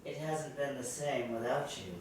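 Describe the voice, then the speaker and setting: A man playing a doting elderly British gentleman who talks in a slow, fond, genteel way. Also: mid-range voice, fairly even intonation, lightly acted. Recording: echoey room, mic far off, faint hiss.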